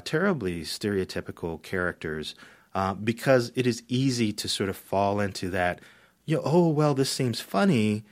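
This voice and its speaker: A man speaking as a critic in a radio interview, thoughtful, often repeating words as he starts. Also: fairly low pitch. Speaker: media critic guest.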